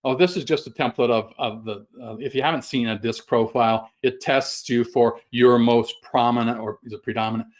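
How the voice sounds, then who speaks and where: A middle-aged man presenting a webinar over a video call, folksy and halting, with many fillers and restarts. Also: medium pitch, fairly even intonation. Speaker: guest sales trainer.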